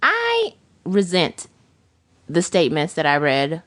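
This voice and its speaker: Low-pitched woman cohosting a chatty podcast, dry close sound, tells stories and does the voices. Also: takes it slowly, no echo. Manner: animated storytelling, acts out quoted voices. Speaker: podcast co-host. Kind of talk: casual chat.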